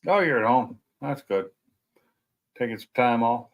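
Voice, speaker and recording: At home at night, a man hosting a stream talks a little slowly with lively intonation and a medium pitch. His mid-range voice carries a relaxed, rambling chat full of self-deprecating remarks.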